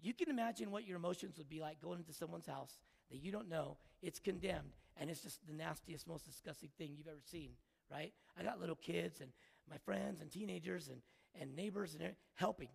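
Gravelly, husky male preacher in reverb. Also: on the high side. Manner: earnest, emotional, halting with restarts. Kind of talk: sermon storytelling. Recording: long hall reverb.

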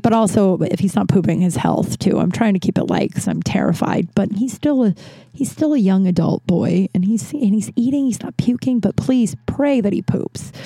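A woman's voice: mid-range voice, dark tone, no room sound. A young woman hosting a podcast, telling a story in a chatty, filler-heavy way and swearing freely. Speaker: podcast host. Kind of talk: casual storytelling monologue.

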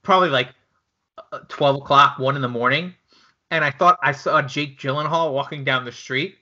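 A man from Brooklyn hosting a casual chat, telling jokey, energetic anecdotes. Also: mid-range voice, normal speed, dull audio.

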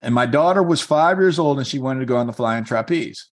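An earnest man plays a real estate coach, weaving a personal story into a motivational talk while constantly urging his listeners on. His ordinary mid-pitched male voice is animated and fairly quick. He talks loosely and conversationally, full of "like" and "you know," sounding encouraging throughout.

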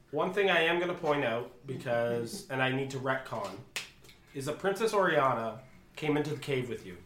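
A man's voice: mid-range voice, animated, a little slow, long pauses, fairly bright tone, roomy sound, slight background noise. A man narrating as dungeon master of a tabletop game, chatty and jokey. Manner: chatty, jokey, switches into character voices.

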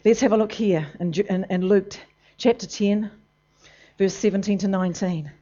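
A preacher delivering a sermon emphatically, moving between loud bursts and low, intense passages. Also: normal speed. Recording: dull lo-fi recording.

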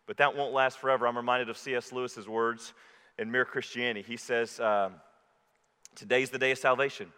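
A man preaching a sermon as pastor, impassioned, dropping low and quiet when he quotes scripture. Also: fairly even intonation, fairly quick, smooth. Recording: reverberant hall.

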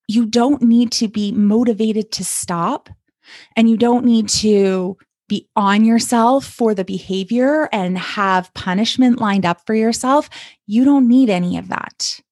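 A woman's voice: a little high, no room sound. A woman in her thirties from Canada, a coach talking on a podcast in an encouraging, reassuring way. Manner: warm encouraging coaching talk. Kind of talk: podcast monologue.

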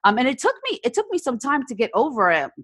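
A woman's voice: fairly high pitch, big pitch swings, fast talker, fairly bright tone, husky, no echo. A woman guest telling candid stories in a casual podcast conversation, often quoting her own thoughts aloud. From New Jersey, USA. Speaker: entrepreneur guest.

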